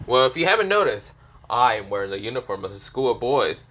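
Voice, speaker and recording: Male storyteller, casual and rambling, filler-heavy, bright tone. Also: medium pitch, very animated, fast. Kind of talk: improvised fan-fiction storytelling.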